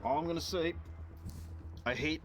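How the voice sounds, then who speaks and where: A young man running a live tabletop game as game master, talking loosely with lots of pauses and fillers. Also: fairly high pitch, soft background music. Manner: loose and hesitant, many fillers.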